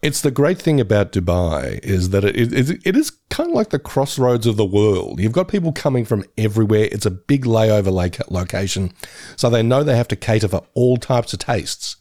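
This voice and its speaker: A man's voice: lowish voice, sing-song, moderate pace, dark tone. A man co-hosting a podcast, bantering in a jokey way with frequent laughs. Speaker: podcast co-host. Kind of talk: casual chat.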